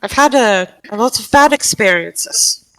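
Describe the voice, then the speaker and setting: A woman voicing Roderick, a tall wary man with a put-on Irish accent who talks haltingly. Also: fairly high pitch, expressive, no room sound, pitched below the performer's own voice, low-quality recording. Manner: hesitant, halting with many fillers.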